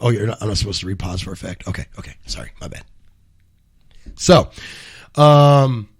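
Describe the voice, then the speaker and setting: A man's voice: fairly low pitch, expressive, brisk, slightly rough. A man co-hosting a live cannabis news show, rambling and profane, often correcting himself mid-sentence. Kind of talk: casual live show banter and news commentary.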